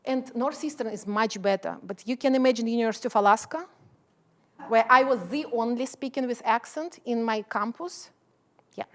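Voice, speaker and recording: A woman's voice: fairly high pitch, brisk, a bit bright. A middle-aged woman, a professor giving a keynote speech, talking passionately in English with an accent and non-native phrasing.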